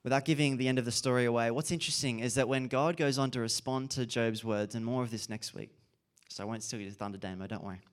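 A man's voice: medium pitch, steady tone, fast talker. A man giving an earnest, reflective sermon and repeating key phrases for emphasis. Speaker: preacher.

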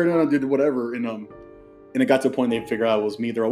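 A man hosting a podcast, telling stories in casual chat and dropping into quick impressions. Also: mid-range voice, dark tone, faint music behind. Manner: chatty storyteller, drops into quick impressions. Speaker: podcast host.

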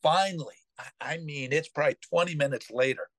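A man's voice: on the high side, a little fast, dry recording. A middle-aged man hosting a podcast, telling a family story casually, rambling with fillers and restarts. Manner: rambling, full of fillers and restarts, animated retelling. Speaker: podcast host.

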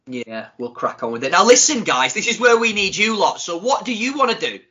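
A man hosting a podcast, chatting casually with jokey, animated banter. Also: high voice, a little fast. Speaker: podcast host. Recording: dull lo-fi sound.

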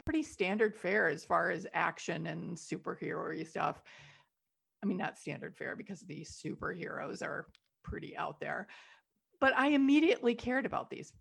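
Woman, husky gravelly voice, lively swoops, frank opinionated podcast co-host. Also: mid-range voice. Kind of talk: casual movie review chat.

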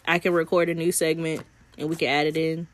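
A woman's voice: deep voice, fairly quick. A woman co-hosting a podcast, chatting casually and telling stories with lots of giggling. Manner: giggly, animated storyteller. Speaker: podcast co-host. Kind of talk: casual chat.

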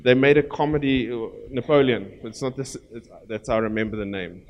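South African male pastor, mid-pitched, preaching with loud emphatic peaks and quiet asides. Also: fairly even intonation, a little fast, muffled recording. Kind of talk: sermon.

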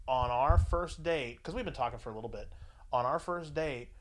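A man's voice: medium pitch, moderate pace, a bit bright. A man casually telling crude anecdotes on a podcast, acting out the dialogue and laughing often. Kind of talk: casual storytelling chat.

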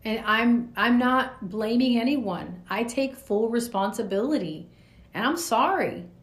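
Woman in her 40s, podcast host, earnest reflective monologue, higher voice, echoey room. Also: lively intonation, unhurried. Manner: earnest, talks in loose spoken asides.

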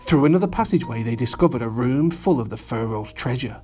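A man reading a children's story aloud and chatting warmly to the boys and girls listening, with lots of animated emphasis. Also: mid-range voice, fast, faint music behind. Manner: lively, addressing children directly.

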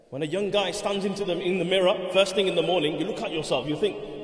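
In a mosque prayer hall, a man with a high-sitting voice delivers a fast Friday sermon, hammering his points home with rhetorical questions and repetition. The hall is echoey, with long reverb.

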